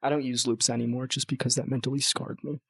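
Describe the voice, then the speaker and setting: A young American man chatting on a podcast, telling animated stories, swearing freely and putting on voices for people he quotes. His voice sits at a middle pitch and sounds close and dry. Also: brisk, gravelly, husky, dry recording. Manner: animated storyteller, swears, mimics others in high voices. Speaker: guest musician. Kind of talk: casual podcast chat.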